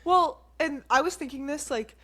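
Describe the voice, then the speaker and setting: A woman co-hosting a casual chat podcast, animated, laughing often and acting out quoted lines. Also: sits high, moderate pace. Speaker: podcast co-host.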